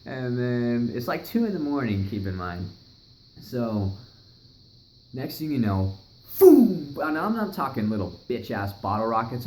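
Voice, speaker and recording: A young man casually telling a wild story, swearing a lot and acting out what people said. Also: fairly low pitch. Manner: profane, animated, acts out other people's lines. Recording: echoey room, faint noise.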